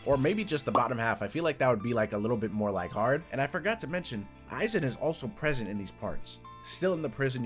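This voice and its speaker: A young man casually reviewing an anime, talking in animated bursts that jump loud and excited. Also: mid-range voice.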